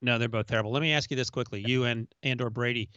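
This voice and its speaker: A man co-hosting a sports podcast in casual chat, teasing and quick with his questions. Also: medium pitch, steady tone, pushed and bright, smooth, dry recording. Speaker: podcast co-host. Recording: dry, slightly dull podcast audio.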